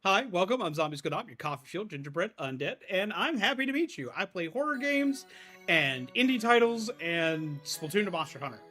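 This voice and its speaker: Excitable male streamer, casual chat, higher bright voice. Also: brisk, faint music behind. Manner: animated, swears freely, excitable greetings.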